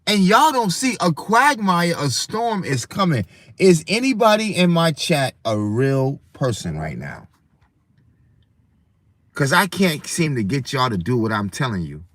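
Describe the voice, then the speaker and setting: A man's voice: a little high, sing-song, unhurried, a bit bright, dry recording. A man hosting a livestream, talking in a preachy, rambling way and often speaking to his chat. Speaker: livestream host. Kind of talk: casual livestream rant.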